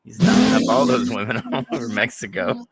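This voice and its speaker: A man's voice: medium pitch, sing-song, fairly quick, noisy background. A man co-hosting a podcast, riffing crude jokes and laughing in casual chat. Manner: crude joking riffs, laughing. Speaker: podcast co-host.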